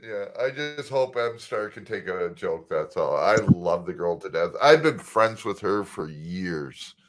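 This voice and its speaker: A man hosting an online chat show, talking haltingly with many fillers. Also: deep voice, animated. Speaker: host.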